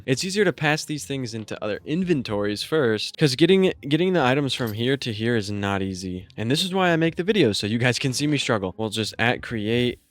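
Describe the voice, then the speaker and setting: A young man giving casual gameplay commentary, thinking aloud in an excitable, self-mocking way. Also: mid-range voice, smooth. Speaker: gaming YouTuber.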